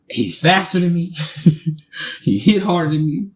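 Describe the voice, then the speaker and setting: A man, telling a casual storytime, animated, laughing often and swearing freely. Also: a little high, takes it slowly.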